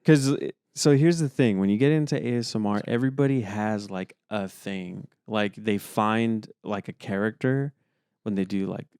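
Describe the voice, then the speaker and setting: A man's voice: fairly low pitch, moderate pace, darkish tone, clean tone, dry recording, studio quality. A young man co-hosting a podcast, chatting casually and rambling with lots of fillers. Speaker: podcast co-host. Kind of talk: casual chat.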